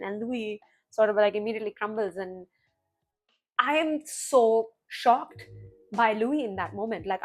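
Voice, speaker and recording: Woman, reaction-video host, casual animated recap, mid-range voice, filler-heavy. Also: mid-range voice. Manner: chatty, heavy on "like" and "you know", animated retelling.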